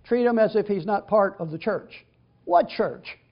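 High-voiced man preaching a sermon. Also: measured pace, vocal fry, lo-fi sound. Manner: emphatic, reads scripture aloud with rising stress. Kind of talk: sermon, bible teaching.

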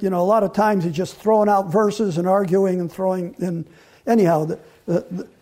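A male pastor teaches through a Bible passage in a loose, conversational sermon. His voice sits high for a man, with a husky, mellow tone. He often restarts his sentences and slows down when he leans on a quoted verse. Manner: conversational, with frequent restarts and fillers.

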